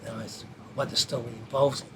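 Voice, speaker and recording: A man telling a lively anecdote from his film career in an interview, acting out the quoted voices as he goes. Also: medium pitch, fairly quick, noisy background. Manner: animated anecdote teller who acts out quotes. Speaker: martial artist and film stunt performer. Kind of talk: storytelling in an interview.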